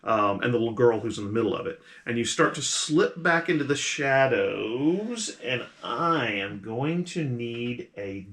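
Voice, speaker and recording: Bright-voiced man running a tabletop game. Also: medium pitch, lively intonation, unhurried, few pauses. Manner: casual, rambling with many fillers. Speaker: game master.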